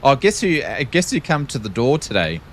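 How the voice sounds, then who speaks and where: A man's voice: medium pitch, sing-song, normal speed, soft background music. An Australian man streaming a flight sim, chatting casually with jokey, rambling, self-deprecating asides. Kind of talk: casual live-stream chat.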